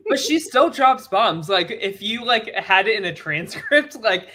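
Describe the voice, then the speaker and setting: A woman's voice: medium pitch, animated, measured pace, bright, forceful tone. A woman co-hosting a podcast in casual chat, rambling through lots of filler words. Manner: chatty, full of "like" fillers. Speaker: podcast co-host.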